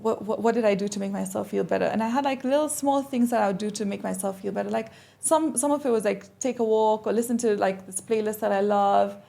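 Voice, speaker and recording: Young woman with a gravelly voice. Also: medium pitch, fast talker, few pauses. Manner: animated, acts out quoted exchanges. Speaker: podcast guest. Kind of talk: casual interview storytelling.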